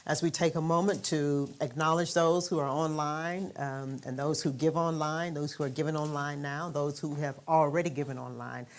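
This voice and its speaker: A woman minister leading a congregation in affirmations and an offering prayer, in a calm, measured manner. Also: sits low.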